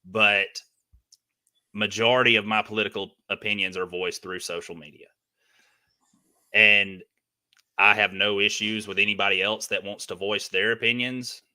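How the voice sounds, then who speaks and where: Southern male guest, lowish pitch, bright tone, earnest interview talk. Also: fairly even intonation, normal speed, pauses often. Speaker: guest, ring announcer.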